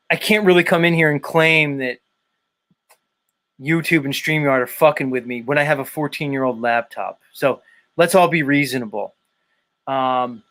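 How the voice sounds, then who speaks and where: Hosting a livestream show, a man chats loosely and profanely with his guests and the chat, swearing freely. His voice is medium-pitched and a bit bright.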